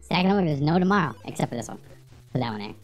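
A woman's voice: deep voice, expressive, racing, a little mellow, soft background music. A woman streaming a retro game, rambling, swearing and joking with her chat as she plays. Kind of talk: casual livestream gameplay commentary.

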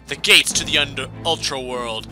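A man's voice: medium pitch, normal speed, music in the background, natural voice. A man doing a gloating villain lord. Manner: gloating, theatrical.

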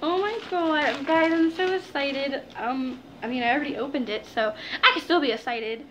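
A woman's voice: sits high, normal speed, fairly bright tone, a little hiss or hum. A young woman chatting to her viewers in a casual unboxing vlog, gushing and giggling, calling them "guys". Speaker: vlogger.

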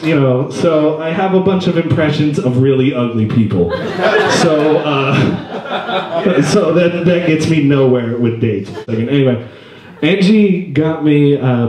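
A man's voice: mid-range voice, dark tone. A man in his twenties doing stand-up comedy in a live venue, rambling and self-deprecating, jumping into voices. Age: 20s. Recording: roomy stage sound.

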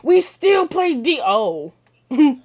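A woman giving loud, boastful trash-talk commentary while playing a basketball video game, often shouting. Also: sits high, sing-song, takes it slowly. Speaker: gamer. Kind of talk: live gameplay commentary.

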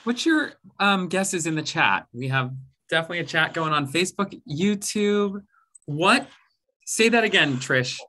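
A woman's voice: fairly low pitch, expressive, normal speed, bright, forceful tone. A woman co-hosting an online voice class, chatting casually and relaying the chat. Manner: chatty, laughs at herself, reads out the chat.

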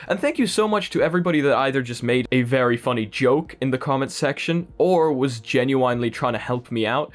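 A man from Poland with an Irish accent, hosting a tech vlog in an enthusiastic, playful way and talking straight to his viewers. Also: medium pitch. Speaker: tech channel host.

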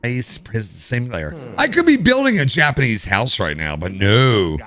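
A man's voice: medium pitch, normal speed. A man with an American accent streaming a game live, cracking jokes and complaining to his chat. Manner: animated, jokey, complains to chat. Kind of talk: live gameplay commentary.

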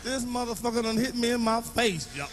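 A man telling profane stand-up comedy stories to a live audience, often shouting. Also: very high voice, fairly quick, slight background noise.

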